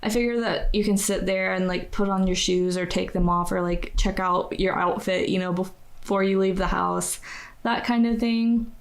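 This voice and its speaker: A woman's voice: medium pitch, steady tone, normal speed. A young American woman giving casual voice-over commentary on a building video, chatty and rambling, full of "like" and self-deprecating laughs. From United States. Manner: chatty, rambling, says "like" constantly, laughs at herself. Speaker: game builder narrating a speedbuild.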